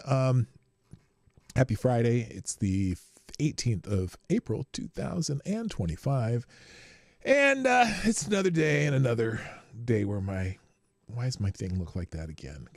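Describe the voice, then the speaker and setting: A man's voice: mid-range voice, husky, no room sound, studio quality. A man hosting his own live morning stream, talking casually and rambling, often breaking off mid-sentence and laughing. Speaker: host.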